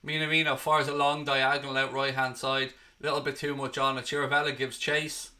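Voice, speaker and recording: A man from Ireland hosting a fan channel, giving excitable, blunt and sweary live watchalong commentary on a match. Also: medium pitch, a little fast.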